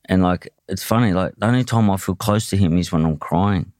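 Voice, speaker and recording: A man's voice: sits low, fairly quick, darkish tone, no echo, clean studio sound. An Australian man telling his own story in a candid, blunt way, swearing often and restarting his sentences. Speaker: podcast guest, boxer.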